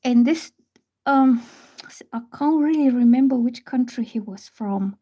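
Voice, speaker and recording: Soft, slow-talking woman chatting live. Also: fairly high pitch. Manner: soft, chatty storytelling with hesitant restarts. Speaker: tarot reader on a livestream. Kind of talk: casual livestream chat.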